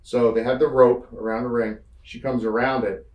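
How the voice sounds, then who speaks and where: Road stories pour out of this Northeastern US man, an interview guest with a mid-range voice and moderate pace. He's casual and animated, acting out quotes and swearing freely. He's far from the mic, the sound is roomy, and the highs are cut off.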